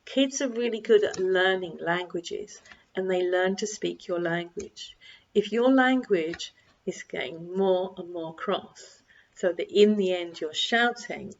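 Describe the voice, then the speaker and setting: Calm older woman, slightly dull recording. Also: on the low side, measured pace. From United Kingdom. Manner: calm, repetitive, acts out quoted dialogue. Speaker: parenting coach. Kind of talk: direct-to-camera advice talk.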